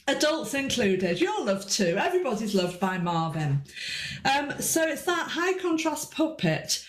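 A woman's voice: fairly high pitch, roomy sound. A woman giving an informal presentation to parents, chatty with restarts and sing-song stresses.

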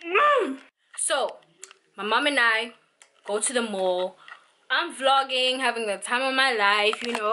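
A woman's voice: on the high side, lively intonation, moderate pace, sharp tone. A young South African woman vlogging, ranting in an exasperated way with lots of fillers. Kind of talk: venting vlog monologue.

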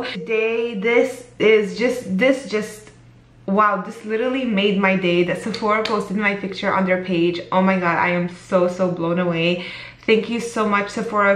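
A woman beauty vlogger talking casually to the camera, gushing and excitable, often repeating herself. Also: lowish voice, roomy sound.

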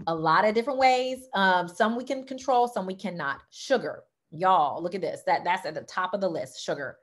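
A Southern-accented woman from Louisiana who gives an excitable, chatty talk about wellness products, peppering it with y'all and okay. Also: fairly low pitch, normal speed. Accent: Southern American. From Louisiana, United States. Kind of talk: casual product talk to camera.

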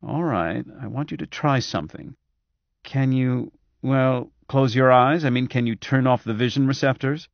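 A man doing a brisk, harried, ailing doctor. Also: mid-range voice, creaky, no room sound, dull audio, pitched above the performer's own voice, natural voice.

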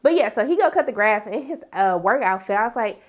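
A woman with a high voice that swoops all over, recapping a TV episode in a casual vlog. She tells the story with sass and big, dramatic reactions. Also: expressive, brisk. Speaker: TV recap vlogger.

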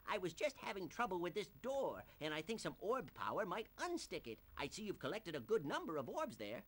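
A woman voicing a flustered, fussy older male mole professor from a video game in a hesitant, husky voice. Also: on the low side, wildly swooping pitch, brisk, voice pushed down, exaggerated voice.

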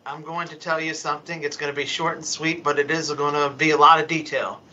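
A man giving emotional, halting testimony at a council hearing, stumbling and restarting as he pleads his case over a remote call. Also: on the high side, level tone, bright, forceful tone, muffled recording, a little hiss or hum. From Philadelphia, US. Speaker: public commenter at a council hearing. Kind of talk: impassioned unscripted testimony.

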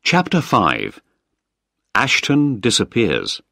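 A man reads a story aloud in a deep voice that rises and falls expressively. He is close to the mic in a dry, dead-quiet space, clear and measured for learners. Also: huge pitch swings, no echo. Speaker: narrator. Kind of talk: graded reader audiobook.

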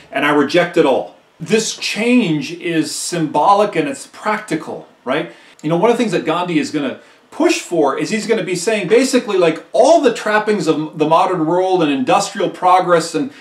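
A man's voice: fairly high pitch, reverberant, far from the mic. A male history teacher giving a conversational recorded lecture, who often checks in with "right?" and acts out quotes emphatically.

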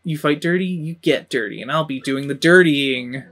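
A streamer playing a gruff space soldier grunt. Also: mid-range voice, moderate pace, fairly bright tone, natural voice. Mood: threatening. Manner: threatening, gruff.

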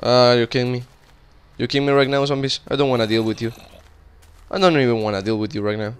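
A young man commentating his game casually, cursing a lot and yelling in panic when monsters show up. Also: medium pitch, fairly even intonation, quick pace, clear, resonant tone. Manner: casual, swears often, cries out in panic at monsters. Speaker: gaming YouTuber. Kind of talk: Minecraft let's play commentary.

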